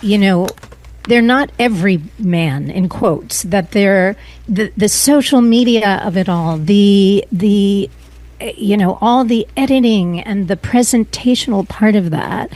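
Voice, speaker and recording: A middle-aged woman as an interview guest, speaking earnestly and emotionally, often pausing and restarting her sentences. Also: medium pitch, darkish tone. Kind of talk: personal interview.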